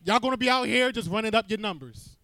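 A man's voice: high-pitched, fast, bright, forceful tone, no room sound. A man hosting a live podcast debate, talking in a blunt, emphatic and profane way. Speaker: podcast host.

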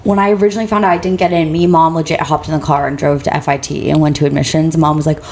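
A woman in her twenties co-hosting a casual chat, expressive, quoting herself in a higher voice. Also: rapid-fire, creaky, few pauses, a little hiss or hum. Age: 20s. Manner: expressive, quotes herself in high voice, laughs. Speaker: co-host.

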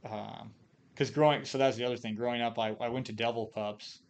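A man's voice: mid-range voice, steady tone, brisk. A man from Idaho spins loose, profanity-laced stories as a podcast guest. He talks in a mid-range voice, stumbles through restarts and fillers, and keeps an easy, conversational flow. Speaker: podcast guest, former Marine scout sniper. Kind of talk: casual storytelling.

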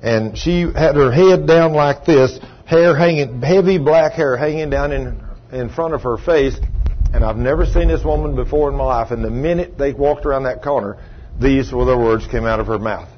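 A man's voice: mid-range voice, normal speed, slight background noise. A middle-aged man preaching a sermon as a story, folksy in tone and rising to emphatic outbursts. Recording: dull lo-fi recording.

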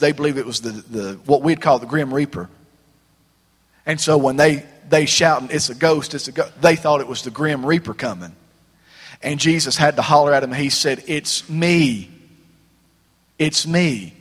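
Man, preacher, sermon, slightly high voice, folksy, long hall reverb. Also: fairly bright tone. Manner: folksy, conversational preaching with dramatic pauses.

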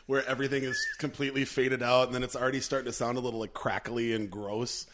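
A man's voice: mid-range voice, fast. A man co-hosting a podcast in casual chat, rambling animatedly with lots of "like"s. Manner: animated, rambling storyteller with many "like"s. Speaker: podcast co-host.

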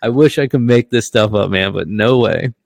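A man in his thirties co-hosting a podcast, telling a story in an animated way, swearing freely and laughing as he goes. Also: lowish voice, moderate pace, creaky, no room sound. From Washington state, US. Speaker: podcast co-host. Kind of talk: casual storytelling chat.

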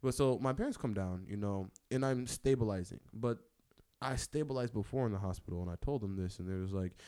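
Animated young man telling a story. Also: fairly quick, smooth. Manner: animated and slangy, leans on "like" and "bro"; swings between loud bursts and low muttering. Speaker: podcast host. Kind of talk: casual storytelling.

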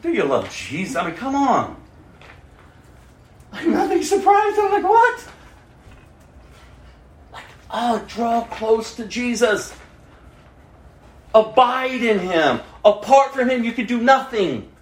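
A male pastor preaching a sermon in an animated way, laughing and acting out quotes in shifting voices. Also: extremely high pitch, a little slow, long pauses, roomy sound.

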